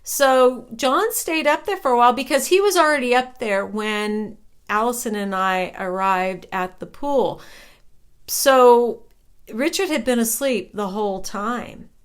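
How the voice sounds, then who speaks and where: A woman's voice: a little high, measured pace, clear, resonant tone. A woman telling a personal ghost story in a chatty, conversational way, often checking in with "right?".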